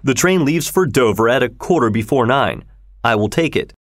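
A man voicing a composed, precise Victorian English gentleman who speaks low and measured. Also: animated, no echo, studio quality, close to an everyday voice. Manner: low-voiced, measured, unflappable.

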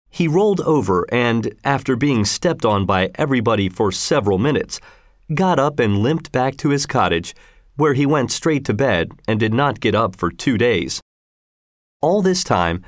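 A man narrating a story as an audiobook, reading in a lively, expressive way. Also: mid-range voice, dry recording, clean studio sound.

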